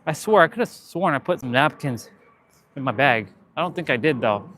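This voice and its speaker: A man's voice: medium pitch, animated, normal speed, a bit bright, slight background noise. A man chatting casually in a summer park during his fitness vlog, laughing and shooing bugs away. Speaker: fitness vlogger. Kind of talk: casual outdoor vlog chat.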